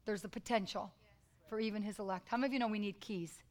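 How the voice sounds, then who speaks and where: A woman's voice: medium pitch, steady tone, fast, darkish tone, rough recording. A woman preaching a sermon in church, emphatic and repetitive, calling out to the congregation.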